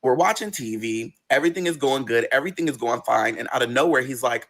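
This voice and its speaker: Husky, fast-talking man telling a story. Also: medium pitch. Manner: animated, dramatic, profane, acts out dialogue. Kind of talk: first-person storytime vlog.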